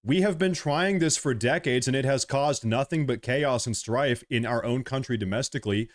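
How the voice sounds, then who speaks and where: A man's voice: medium pitch, moderate pace. A young man ranting passionately in a livestream monologue, repeating himself and swearing as he reads viewer comments.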